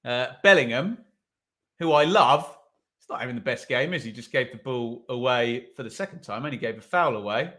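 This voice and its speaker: A man's voice: mid-range voice, lively intonation, normal speed, sharp tone. A man hosting a live football watch-along, commenting on play and reading viewer comments with wry asides.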